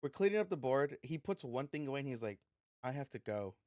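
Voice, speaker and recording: A man's voice: medium pitch, quick pace, no echo. Young guy on a podcast, swears a lot, gets worked up telling stories, dry sound. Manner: animated storytelling with frequent profanity. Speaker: podcast co-host. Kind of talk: casual chat.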